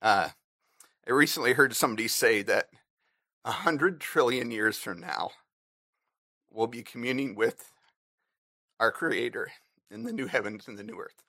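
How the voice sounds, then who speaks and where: Bright earnest man at a church lectern. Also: mid-range voice, animated, vocal fry, no echo, clean studio sound. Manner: earnest, halting with fillers, briefly emotional. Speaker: church member giving a personal reflection. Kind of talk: personal reflection talk to a congregation.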